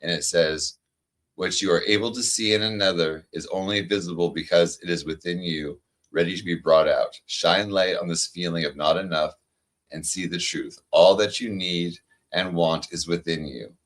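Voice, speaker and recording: Man, very low voice, casual card reader, slow soothing delivery. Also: steady tone, a bit bright. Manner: reads cards aloud slowly and soothingly. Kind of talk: casual chat.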